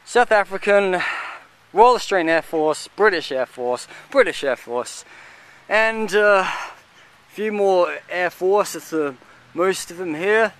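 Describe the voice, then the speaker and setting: Man rambling as he walks, slightly high. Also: expressive, a bit bright, clean tone. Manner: halting, lists items with many fillers. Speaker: vlogger touring a cemetery. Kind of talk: casual walking commentary. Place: outdoor cemetery.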